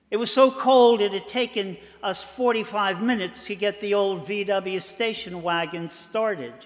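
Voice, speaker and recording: An older man from Boston telling a personal story in a measured way, with dramatic pauses. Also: high voice. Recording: long hall reverb.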